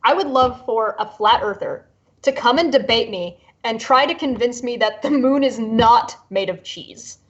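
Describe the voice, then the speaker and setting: A woman's voice: fairly high pitch, normal speed, highs cut off. A woman guest in a casual panel chat, playful and joking as she talks. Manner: playful, laughs and jokes between points.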